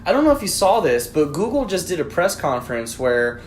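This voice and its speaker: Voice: mid-range voice, fairly quick, slight background noise. A podcast co-host in casual chat, telling a story and acting out the people in it. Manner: animated storytelling, acts out quoted dialogue. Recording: echoey room with faint ambience.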